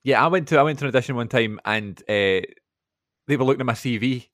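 A man co-hosting a casual film podcast, relaxed and jokey. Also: mid-range voice, fast talker, no room sound, studio quality. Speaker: podcast co-host.

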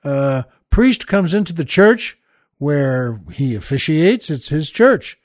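An older man hosts a casual comedy podcast in a slightly high, very animated voice at a slow pace, recorded clean in a studio with no room sound. He rambles through plugs and a joke, chuckling, stopping and restarting, and does little voices for the characters.

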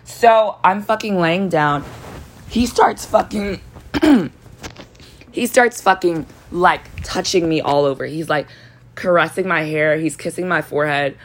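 A young woman with a low voice tells a personal story in a loose, casual way. She swears freely and fills her sentences with "like". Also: measured pace. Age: young adult.

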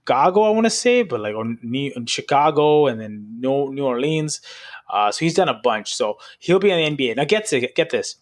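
A man's voice: mid-range voice, very animated, brisk. A man co-hosting a sports podcast, chatting casually and rambling, with lots of "like" and "right?". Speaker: podcast co-host.

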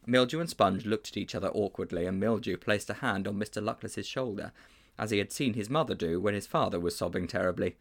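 A man reading a children's novel aloud with measured, expressive narration. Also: on the low side. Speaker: storybook reader.

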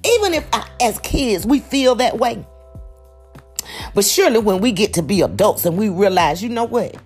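A woman with a husky, slightly breathy voice delivers a motivational talk in a preachy, emphatic way. Her pitch swings widely as she calls out to her listeners. Soft music plays faintly underneath. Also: expressive, normal speed. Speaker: motivational speaker.

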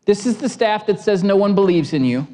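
A man voicing God as a calm, firm speaker in a sermon, lower and steadier than his own voice. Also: a little fast.

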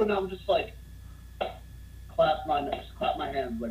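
A man telling a funny bar story in casual conversation, getting more animated as he goes. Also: fast, lo-fi sound. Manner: animated, gets louder and higher as the story builds.

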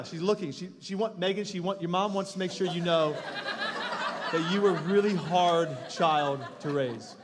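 A pastor in his thirties telling a funny family story in a sermon to his congregation, animated and self-mocking. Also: high voice. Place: church stage before a congregation. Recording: long reverb of a large hall.

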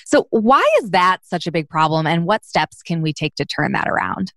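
A woman's voice: fairly low pitch, animated, moderate pace, fairly bright tone, no room sound, clean studio sound. A woman hosting a podcast who asks curious, friendly questions and talks casually with many fillers. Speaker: podcast host. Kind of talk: interview questions, casual chat.

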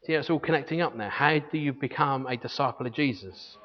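Male pastor, mid-pitched, earnest sermon delivery, lo-fi recording with a long reverb tail. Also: quick pace. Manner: earnest teaching, reads scripture aloud, frequent restarts. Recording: long hall reverb, dull lo-fi sound.

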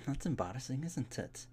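A man's voice: mid-range voice, gravelly, warm tone, a little hiss or hum. A man hosting a casual live-streamed podcast, laid-back, laughing often and swearing casually. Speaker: podcast host.

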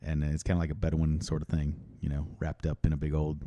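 A man co-hosting a podcast in casual chat, laid-back, his sentences trailing off quietly. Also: rumbling low, monotone, quick pace, no room sound. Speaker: podcast co-host.

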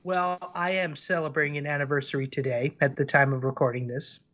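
A man's voice: a little high, level tone, fairly quick, fairly bright tone, lo-fi sound. A man chatting on a podcast as a guest cartoon creator, telling stories earnestly with lots of fillers. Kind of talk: casual podcast conversation.

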